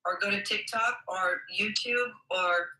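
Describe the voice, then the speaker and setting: A woman chatting on a livestream, promoting a retreat in a friendly way and signing off warmly. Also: medium pitch, a little slow, echoey room, crowd noise, poor audio. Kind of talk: casual livestream chat.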